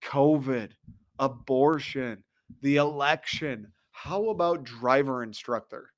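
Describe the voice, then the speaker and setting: Male host, comedic rant, sarcastic and profane, average pitch. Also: slow pace. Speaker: podcast host.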